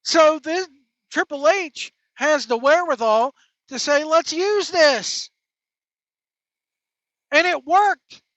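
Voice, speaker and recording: Brief: high-pitched, sharp-toned host talking wrestling in a slangy, emphatic way; dull lo-fi sound, dry. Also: dry recording. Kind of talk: casual wrestling commentary.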